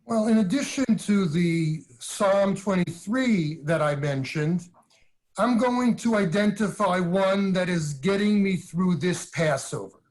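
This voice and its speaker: A man, a rabbi, moderating a livestream discussion, asking questions and reflecting in a measured, deliberate way over a video call. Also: sits high, expressive, darkish tone.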